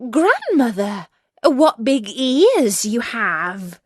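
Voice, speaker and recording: A woman voicing a trusting, polite little country girl in a storybook, speaking slowly and in wonder. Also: on the high side, very animated, no echo, studio quality, voice pushed up, exaggerated voice.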